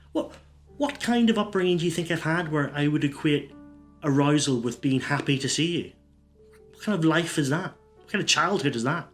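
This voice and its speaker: A man's voice: a little high, expressive, moderate pace. Brief: man, absurd one-liner stand-up, rambling delivery, faint music behind. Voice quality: rambling, self-interrupting. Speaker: stand-up comedian.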